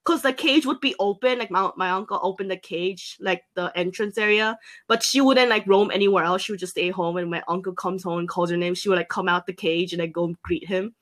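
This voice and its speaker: A young woman telling a casual story on a podcast, filling pauses with "like" and acting out her own past lines. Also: fairly low pitch, a bit bright. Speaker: podcast co-host.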